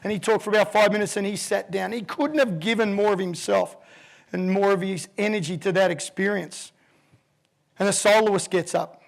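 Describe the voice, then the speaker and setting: Man, 50s, keynote speaker; lively storyteller with a high, gravelly voice. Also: moderate pace. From Australia. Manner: vivid, animated storyteller who acts out voices.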